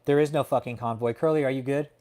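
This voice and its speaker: A man's voice: mid-range voice, steady tone, quick pace, mellow. A man from California hosting a casual livestream chat, talking in a heated, profane, emphatic way and often tacking on "man". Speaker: livestream host. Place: home in Texas.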